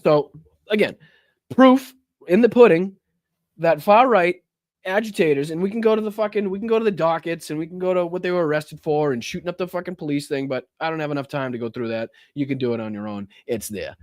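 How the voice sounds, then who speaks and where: A man's voice: a little high, fairly quick, dry recording, studio quality. A man reading out clips and ranting about them with heavy profanity. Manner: reads clips aloud, then comments. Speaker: political commentator. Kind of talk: profane reaction commentary.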